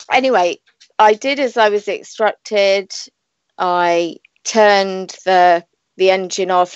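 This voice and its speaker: A woman's voice: lowish voice, smooth, no room sound, dull audio. A British woman hosting a live online radio show, talking in a chatty, rambling way and laughing often. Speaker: radio show host and psychic reader.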